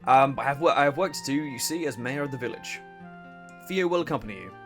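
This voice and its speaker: A man's voice: mid-range voice, expressive, fast talker, a bit bright, soft background music. A man doing a weary hesitant village mayor.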